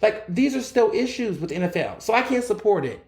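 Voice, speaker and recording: A man's voice: sits high, big pitch swings, brisk, a little mellow, reverberant. A man hosting his own solo podcast, ranting bluntly and with plenty of profanity. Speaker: podcast host. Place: recording in Philadelphia.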